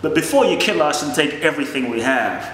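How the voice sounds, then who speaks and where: A man doing a calm wise village elder. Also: on the high side, heavy reverb, long reverb tail, slight background noise, poor audio. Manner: calm, unhurried.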